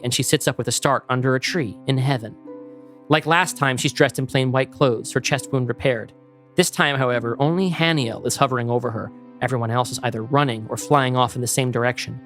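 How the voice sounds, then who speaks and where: A man's voice: medium pitch, a bit bright. Man reading screenplay, faint music. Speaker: podcast co-host. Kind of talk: reading a screenplay pitch aloud.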